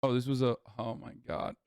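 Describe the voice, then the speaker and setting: Profane ranting male streamer, smooth voice. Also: mid-range voice, unhurried, a little mellow, no room sound, studio quality. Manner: reads viewer messages aloud. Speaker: streamer host. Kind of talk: casual chat.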